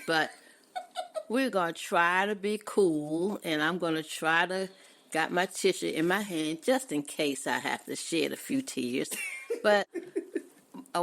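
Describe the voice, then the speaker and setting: A woman's voice: low voice, a bit bright. A woman in her eighties, a guest on a podcast, chatting casually with frequent laughs and churchy turns of phrase. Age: 80s. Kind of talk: casual chat.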